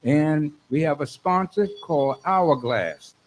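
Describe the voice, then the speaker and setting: A man hosting a radio show in a studio, excitable and fond of repeating his lines for emphasis. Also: fairly high pitch, takes it slowly, slight background noise, low-quality recording. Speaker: radio host.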